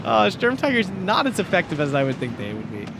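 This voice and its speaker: A man casts a strategy game tournament match, reacting loudly and laughing as the action unfolds. His voice sits high and leaps around constantly. A steady hiss of noise runs beneath him. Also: fairly quick. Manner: excitable, laughs often, shouts at big plays. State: losing his voice. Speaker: tournament caster. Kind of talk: excited game commentary.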